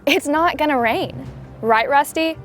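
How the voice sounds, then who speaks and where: A woman playing a perky female TV field reporter in a kids' church comedy skit, interviewing in a bright, chirpy way. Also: high voice, measured pace, faint music behind.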